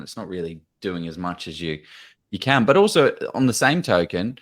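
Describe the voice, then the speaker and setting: A man's voice: low voice, fairly bright tone. An Australian man co-hosting a casual podcast, agreeable and loose in how he talks. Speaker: podcast co-host.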